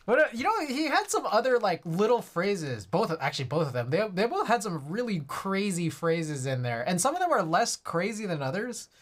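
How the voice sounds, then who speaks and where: A man's voice: sits high, big pitch swings, normal speed, a bit bright. A man chatting casually on a live stream while he works on a keyboard build. He rambles, fills his talk with "like", and chuckles often. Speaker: livestreamer. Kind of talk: casual livestream chat while working.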